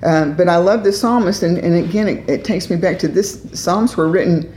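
A woman co-hosting a devotional talk, earnest and speaking in quick emphatic bursts. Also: on the low side, warm tone, echoey room, slight background noise, rough recording. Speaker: co-host. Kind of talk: conversational devotional discussion.

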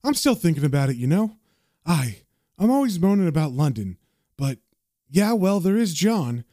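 A man's voice: a little high, big pitch swings, moderate pace, dark tone, no echo, studio quality. A man voicing a tough young woman who stays defiant and fearless, speaking firm and clipped. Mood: chatty.

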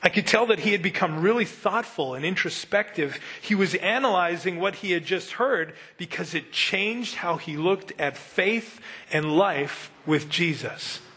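A male pastor talking through a sermon in a relaxed, conversational manner, with a voice on the higher side for a man. He reads scripture aloud and slips into quick character voices for the quotes. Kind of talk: sermon teaching.

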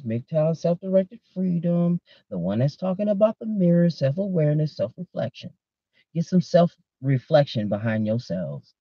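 Man, podcast host, profane casual rant, fairly high voice, dull lo-fi dry sound. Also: slightly rough, dry recording. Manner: profane, animated, talks straight to listeners.

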